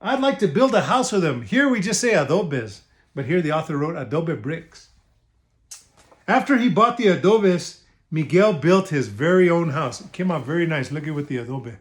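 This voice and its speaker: A man's voice: a little high, expressive, normal speed. A man reading a picture book aloud to children, switching between languages and stopping to explain words. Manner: bilingual, explaining asides to children. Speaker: state official reading to children.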